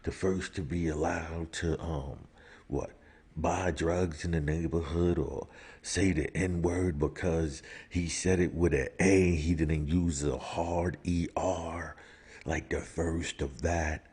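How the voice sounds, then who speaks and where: Man, very deep voice, slow deliberate delivery, emphatic rhetorical monologue. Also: fairly even intonation, a little mellow, husky. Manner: rises to heated outbursts. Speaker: commentator. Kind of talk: opinion monologue.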